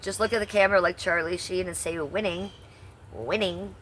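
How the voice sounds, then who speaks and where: A woman in her fifties talks to her live-stream chat in a brash, salty way, answering viewers by name. Her voice sits a touch low. A faint hum of noise runs under it. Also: fairly even intonation, fast talker, fairly bright tone. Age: 50s. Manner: brash, chatty, reads out chat. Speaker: livestreamer.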